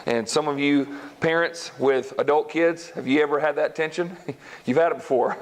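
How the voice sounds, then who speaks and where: Man preaching a lively sermon. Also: fairly high pitch. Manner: storytelling, acts out characters in quick voices. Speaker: pastor. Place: church.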